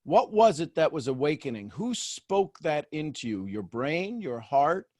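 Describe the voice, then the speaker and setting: Male coaching host, higher-pitched, animated, acts out voices, dry close recording. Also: unhurried, dry recording. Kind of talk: coaching call with participants.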